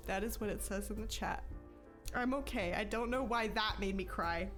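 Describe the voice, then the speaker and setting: A woman's voice: medium pitch, unhurried, pauses often, a bit bright, soft background music. A woman game streamer in casual live-stream chat, emotional and chatty, laughing and close to tears.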